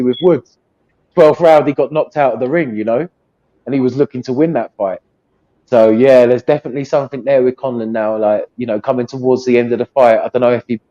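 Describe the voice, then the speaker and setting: A man's voice: medium pitch, mellow, dull audio. A man with an English accent, chatting casually about boxing as a co-host, rambling and friendly. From England. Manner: chatty, rambling, says mate.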